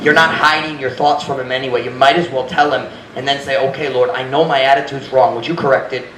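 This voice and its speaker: A man's voice: medium pitch, steady tone, quick pace, fairly bright tone. A man, preaching a sermon as pastor in a frank, earnest way and acting out his own prayers. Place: church sanctuary. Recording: echoey church room, faint noise.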